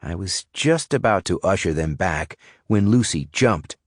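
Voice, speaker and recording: A man reading a thriller audiobook in first person, measured and suspenseful. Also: sits low, expressive, dry recording, clean studio sound. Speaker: audiobook narrator. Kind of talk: scripted audiobook narration.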